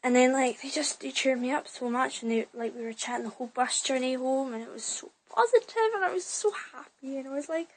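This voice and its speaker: The audio is poor in this bedroom phone vlog, where a young woman races a little fast through a wandering story with hardly any pauses. Her high voice keeps tripping over fillers, restarts and self-corrections in a chatty way.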